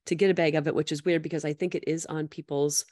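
A woman with a notably low voice hosts a chatty interview podcast. She talks in a bubbly, easygoing way, laughing often and filling gaps with little ums. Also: fairly even intonation, fast talker, a little mellow, no room sound, clean studio sound. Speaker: podcast host. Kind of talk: casual interview chat.

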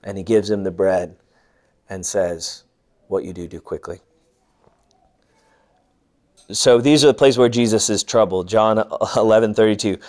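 A man teaching a bible class, earnest and lively, voicing the people he quotes and dropping to a hush for tender moments. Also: lowish voice, normal speed. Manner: earnest, animated when quoting, softening to hushed. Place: large room or hall.

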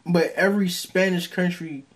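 A man's voice: sits high, steady tone, moderate pace, husky. A man with a New York accent, co-hosting a casual podcast, combative and slangy, repeating his points. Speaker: podcast co-host. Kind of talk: casual argumentative chat.

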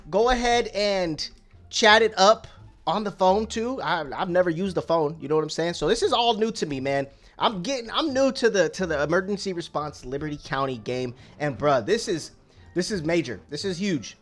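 A young man narrating his own gameplay in loose, slangy commentary, rambling between jobs and breaking into shouts at reckless drivers. His pitch swings widely from low mutters to high yelps. Faint music plays softly behind him. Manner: excitable, slangy, rambling, yells at other drivers. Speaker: gaming YouTuber.

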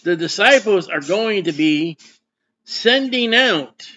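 A man's voice: high voice, lively intonation, takes it slowly, pushed and bright, muffled recording. A man preaching a sermon as pastor, folksy and conversational, often putting questions to his congregation.

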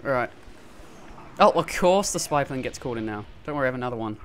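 A man giving live gameplay commentary through a gaming headset, excitable and quick to yelp and laugh in fights. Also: medium pitch. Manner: excitable, frequent yelps and laughs during fights. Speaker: gamer.

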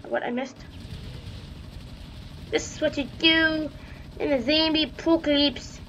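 A young woman chats through a game session, cracking jokes and teasing her co-player. Her voice sits a little high. The recording is dull and lo-fi with a faint hiss behind it. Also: steady tone, unhurried, a bit bright. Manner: joking, playful, chatty asides. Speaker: gaming video host. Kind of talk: casual game commentary. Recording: muffled lo-fi recording with faint noise.

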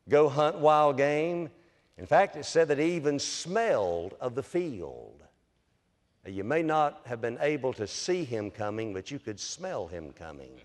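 A man, preaching a sermon as a pastor in a folksy storytelling manner and speaking directly to his listeners as "friend.". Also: medium pitch. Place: church sanctuary. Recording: long church hall reverb.

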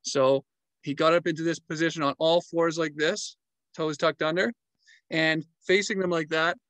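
A man vlogging, telling travel stories in a casual, animated way and acting out animal sounds and movements. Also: fairly high pitch, normal speed, no echo, rough recording.

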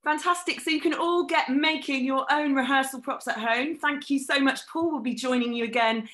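A woman runs a live-streamed family workshop in an echoey room. She tells the story in a lively, animated way, and her voice sits fairly high. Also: moderate pace. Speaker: workshop leader.

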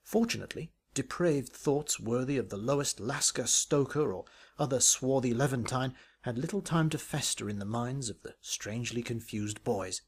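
A man's voice: mid-range voice, lively intonation, normal speed, breathy edge. A man reading a comic parody story aloud in a dry, wry, arch manner. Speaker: narrator.

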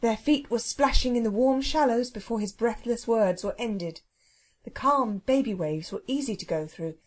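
A woman narrating a children's audiobook with expressive, measured storytelling. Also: a little high. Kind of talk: storybook reading.

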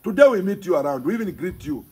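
A Zambian man speaks as a provincial party chairman, lecturing his opponents with insistent repetition. His voice is strongly husky and raspy and sits a little high for a man. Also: very animated, fast, dark tone. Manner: emphatic, scolding, repeats phrases for force. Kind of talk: impassioned political speech to the press.

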